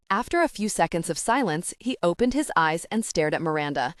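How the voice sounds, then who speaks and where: A woman narrating a fantasy audiobook in a steady, even storytelling voice on a close mic. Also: lowish voice, brisk, hardly any pauses, no room sound. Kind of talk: scripted narration.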